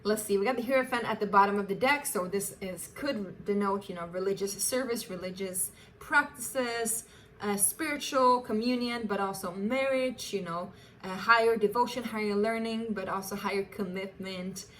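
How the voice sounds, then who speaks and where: Woman, tarot reader, warm chatty delivery, affectionate, faint hiss behind. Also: mid-range voice, normal speed. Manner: chatty, affectionate, laughs often, restarts phrases. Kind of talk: casual tarot reading to camera.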